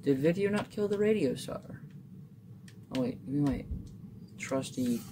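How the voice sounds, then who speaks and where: A gamer in casual gameplay commentary, muttering playfully to themselves and to the game, with sudden excited outbursts. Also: medium pitch, a little slow, a little hiss or hum. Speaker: gamer playing a survival game.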